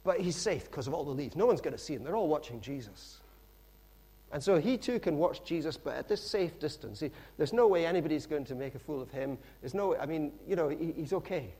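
A middle-aged man preaching a sermon in a lively, conversational storytelling manner with frequent asides. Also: fairly high pitch, brisk, husky.

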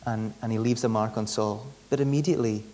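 A man's voice: fairly low pitch, steady tone, fast talker, mellow. Male preacher, conversational delivery, frequent restarts and repeated words. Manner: conversational, often repeats words mid-sentence. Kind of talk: sermon.

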